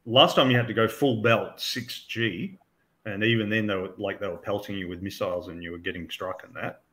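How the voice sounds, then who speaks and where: A man with a low voice runs a tabletop game as game master. He talks haltingly, stops and restarts his sentences, and fills the gaps with ums and uhs. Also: fairly even intonation, sharp tone. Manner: halting, full of fillers and restarts, chuckling. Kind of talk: running a tabletop game over voice chat.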